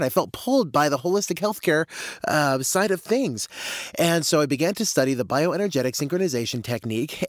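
A man's voice: medium pitch, dry recording, studio quality. A man giving a motivational training talk in an earnest way, telling stories as he goes. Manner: earnest storyteller, acts out voices.

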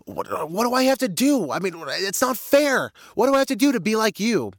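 A man's voice: high voice, big pitch swings, brisk, vocal fry, dry recording, studio quality, pitched above the performer's own voice, heavily acted. A man doing a whiny, frustrated young student. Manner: whiny, pleading.

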